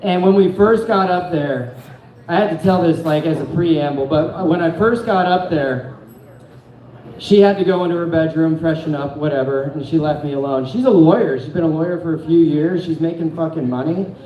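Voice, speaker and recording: Onstage at a comedy club, a young Phoenix, Arizona native tells a rambling stand-up story laced with profanity and self-mockery. He speaks at a moderate pace in a fairly high voice, captured in a muffled recording with room echo.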